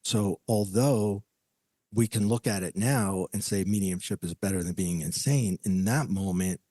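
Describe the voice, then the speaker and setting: A man's voice: deep voice, measured pace, mellow, no echo. A man telling a personal story as a podcast guest, acting out the voices of the people he quotes.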